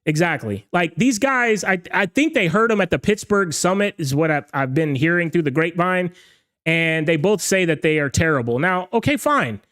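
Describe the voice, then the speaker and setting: High-voiced ranting DJ host, a little hoarse. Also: male voice, lively intonation, normal speed, a bit bright. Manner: emphatic, ranting, repeats "okay?" and "all right?". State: slightly hoarse from talking all night. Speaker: DJ show host. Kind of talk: casual livestream rant.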